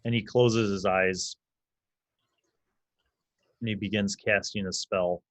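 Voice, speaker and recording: A man's voice: fairly low pitch, steady tone, slow, a bit bright, no room sound. A man narrating a tabletop game as game master in a casual way, with loose fillers.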